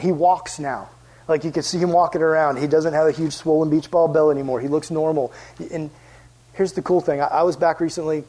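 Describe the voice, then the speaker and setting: A young adult man giving a youth sermon in a lively storytelling way, acting out voices and sometimes dropping almost to a whisper. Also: a little high, husky, poor audio. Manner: animated storyteller, acts out voices, drops to near whisper. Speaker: youth pastor.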